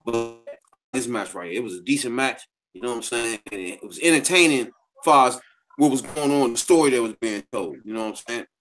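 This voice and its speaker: A man's voice: medium pitch, brisk, fairly bright tone. A man co-hosting a podcast in a casual chat, talking in a loose, slangy way with lots of repeated filler phrases. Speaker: podcast co-host.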